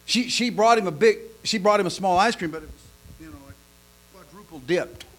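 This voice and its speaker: A man living in Oklahoma preaches a folksy sermon full of jokes, stammering and repeating himself. His voice sits high and moves briskly, swinging from quiet asides to loud punchlines.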